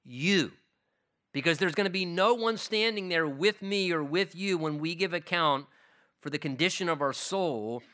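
A man's voice: high voice, normal speed, pushed and bright. A man, a pastor, preaching a sermon in an earnest, emphatic way.

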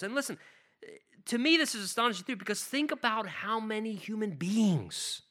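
High, bright-voiced male preacher. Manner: emphatic, reads scripture slowly with stress; conversational, asks the audience rhetorical questions. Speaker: pastor. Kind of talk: expository sermon.

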